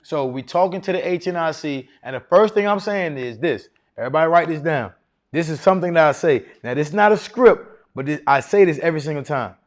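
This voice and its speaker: Teaching contracting in a room full of people, this seminar speaker has a voice on the high side and a brisk pace. He's casual and confident, regularly posing rhetorical questions to his audience.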